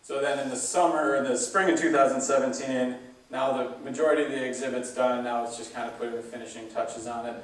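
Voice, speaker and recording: A man gives a relaxed zoo talk, full of fillers, in a flat, even voice. He stands well back from the microphone, and the large hall adds a heavy echo. The result sounds roomy and distant. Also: mid-range voice, quick pace. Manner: relaxed, chatty, with many fillers. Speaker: zoo staff speaker. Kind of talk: casual public talk.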